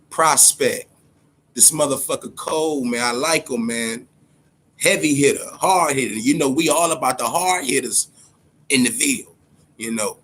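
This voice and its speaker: A man giving casual, profane boxing talk, animated and storytelling, slipping into quotes of other people. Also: medium pitch, slight background noise. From Ohio, USA. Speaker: boxing commentator.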